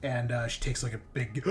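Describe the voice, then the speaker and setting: A man's voice: medium pitch, fairly bright tone. Casual man running a tabletop game. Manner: casual, many fillers, laughs often. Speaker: game master.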